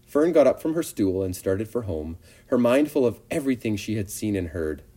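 A man narrates a children's storybook with gentle expression and a lively, sing-song lilt. His voice sits fairly low and sounds warm and mellow. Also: normal speed. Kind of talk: storybook read-aloud.

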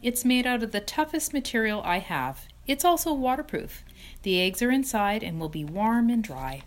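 A woman voicing a wise female spider in a storybook reading, speaking in a weak, tired, gentle voice that slips toward a whisper. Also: on the high side, very animated, normal speed, voice pushed up. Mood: weary. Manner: gentle, quiet, slipping to a whisper.

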